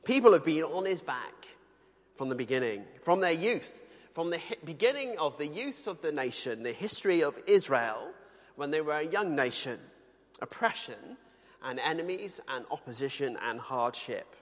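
A man from the UK preaching a sermon in a conversational, earnest way, slowing down to read scripture. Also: a little high, very animated, big-room sound. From United Kingdom.

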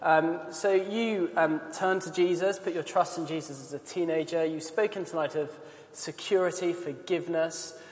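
A man hosting the question session after a talk, polite and measured as he poses questions. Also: fairly high pitch, steady tone, a little mellow. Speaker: event host. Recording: echoey reverberant hall.

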